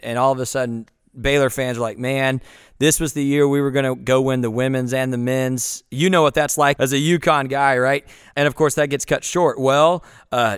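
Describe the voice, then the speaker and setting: A man hosts a casual sports podcast in an upbeat way, setting up questions for his co-host. His voice is smooth and slightly higher than average, recorded dry and close. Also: a bit bright, no room sound.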